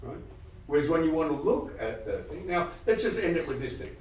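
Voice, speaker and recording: A man giving a live lecture to dentists, animated and quizzing the audience with frequent questions. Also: a little high, brisk, roomy sound, far from the mic, a little hiss or hum, low-quality recording. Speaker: dental lecturer.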